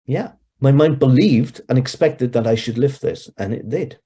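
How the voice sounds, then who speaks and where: Mellow, husky Irish man in his sixties. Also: medium pitch, normal speed. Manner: rambling, conversational storyteller. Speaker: hypnotherapist guest. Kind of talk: anecdotal storytelling in an interview.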